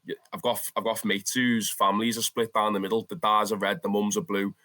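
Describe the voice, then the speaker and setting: A young man with a Scouse accent, a football fan telling stories in a casual interview, animated and swearing freely. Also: on the low side, brisk. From Liverpool, England. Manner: animated, swears freely, calls the listener "lad".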